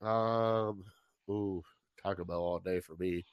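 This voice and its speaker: A man hosting a casual talk show, upbeat and quick with exclamations as he reads out listener questions. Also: low voice, steady tone, smooth, no echo. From United States. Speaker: podcast host. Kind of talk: casual chat.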